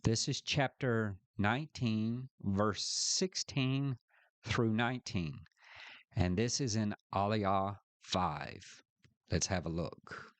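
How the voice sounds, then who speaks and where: Man, Bible teacher, slow deliberate delivery, dry close sound. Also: fairly low pitch, no room sound. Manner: slow, deliberate, reads scripture aloud with emphasis. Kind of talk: scripture study lesson.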